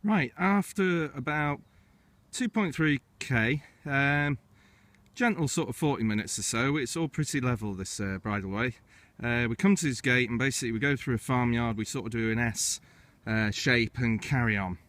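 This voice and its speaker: A man's voice: medium pitch, normal speed, a bit bright. A man giving casual, chatty commentary as he guides viewers along a hill walk outdoors, often starting each new step of the route with "right". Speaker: hiking vlogger and walk guide. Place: outdoors on windy hills.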